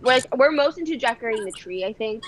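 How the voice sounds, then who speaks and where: A woman co-hosting a podcast, chatting in a relaxed way with lots of filler words. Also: fairly high pitch, fast talker, a little hiss or hum, poor audio. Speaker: podcast co-host. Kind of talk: casual podcast chat.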